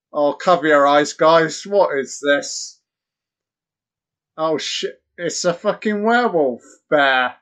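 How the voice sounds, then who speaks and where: A man giving crude, excitable, mocking live commentary on a horror film. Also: a little high, slow pace. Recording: dull lo-fi audio.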